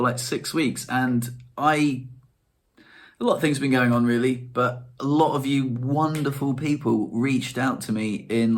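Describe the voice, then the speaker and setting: A young man, chatting casually to camera in a rambling, self-deprecating way. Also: medium pitch. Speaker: vlogger.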